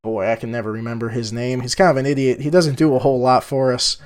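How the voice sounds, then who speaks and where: A man's voice: medium pitch, little pitch movement, fast, pitched below the performer's own voice, lightly acted. A man playing a rambling innkeeper. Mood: chatty. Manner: rambling, stammering. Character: chatty middle-aged male innkeeper.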